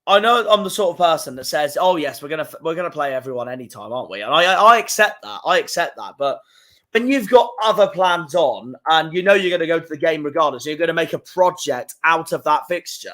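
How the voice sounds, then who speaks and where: A young man streaming live, reacting to football fixtures, swearing and fuming with loud outbursts. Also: on the high side, animated, fairly quick. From England. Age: young adult.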